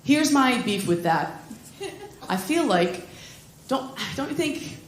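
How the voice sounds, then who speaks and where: A woman comedian performing a stand-up set on a club stage, with deadpan delivery and quick asides. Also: high-pitched, slight background noise. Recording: roomy club sound with loud laughter. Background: audience laughter.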